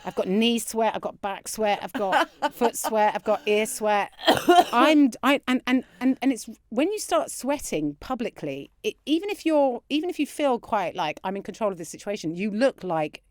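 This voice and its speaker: A woman comedian as a podcast guest, telling a candid story with lively delivery, swearing freely and acting out other people's voices. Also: a little high, moderate pace, no room sound, studio quality. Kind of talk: animated anecdote telling.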